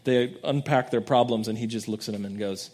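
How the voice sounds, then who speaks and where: A man preaching a sermon in a casual, conversational way, swinging between soft reflective passages and loud emphatic peaks. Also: brisk. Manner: conversational preaching, dramatic swings in pitch and volume. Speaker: pastor.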